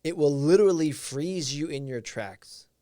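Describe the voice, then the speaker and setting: A man's voice: fairly high pitch, measured pace, warm tone, no room sound, studio quality. A man whose first language is Portuguese, hosting a live stream and giving an earnest, reflective motivational talk while answering viewers' comments.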